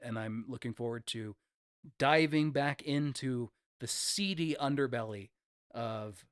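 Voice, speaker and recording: A man co-hosting a movie podcast, talking in an easygoing, deadpan way with plenty of pauses. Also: medium pitch, no echo, studio quality. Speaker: podcast co-host. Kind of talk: casual chat.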